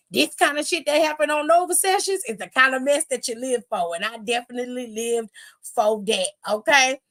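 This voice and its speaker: A woman host giving a sassy, animated wrestling recap full of slang and swearing. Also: sits high. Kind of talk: casual recap commentary.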